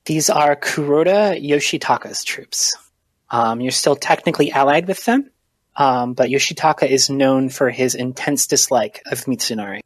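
Game master narration: mid pitch, dry close mic, measured scene-setting with filler pauses. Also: no echo. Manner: measured, with frequent ums while describing scenes. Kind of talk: narrating a tabletop role-playing game.

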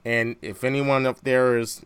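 Bright, lively male podcast host. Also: mid-range voice, a little slow, clear, resonant tone, dry recording. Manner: animated, laughs often, restarts phrases. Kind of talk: casual chat.

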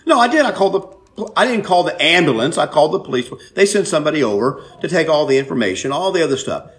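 A man preaching a sermon, telling a personal story with loud emphatic bursts and quiet asides. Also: a little high, sing-song, fast talker. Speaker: pastor.

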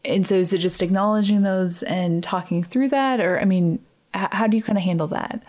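A woman's voice: mid-range voice, brisk, a little mellow. A woman hosting a podcast, asking her guest conversational follow-up questions. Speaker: podcast host. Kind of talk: interview questions.

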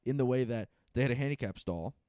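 A man, a stand-up comedian co-hosting a podcast, telling stories in casual, profane, animated chat. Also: mid-range voice, fast talker, clear, resonant tone, no room sound, studio quality.

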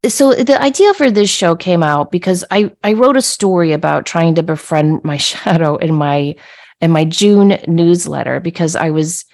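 A middle-aged woman hosting a podcast, telling a personal story in a conversational way. She is animated and laughs as she acts out her own yelling. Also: on the low side, normal speed. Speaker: podcast host.

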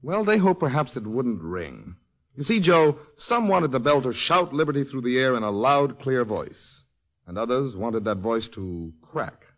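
An actor playing a patient, history-loving male soldier in a 1940s radio drama, telling history in an animated way. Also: medium pitch, unhurried, heavily acted. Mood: storytelling. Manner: tells history in an animated storytelling way.

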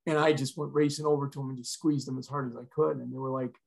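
A man's voice: medium pitch, little pitch movement, fast talker, gravelly, a little mellow. A middle-aged man, a retired fire chief, telling a personal story in an earnest, emotional way as a podcast guest.

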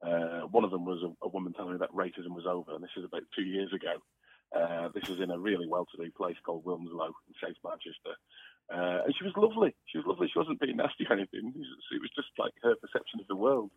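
A man's voice: sits low, fast talker, creaky. A man who is a comedian guest, calling in while recovering from an illness, chatty and laughing often. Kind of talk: phone-in interview. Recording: tinny phone line.

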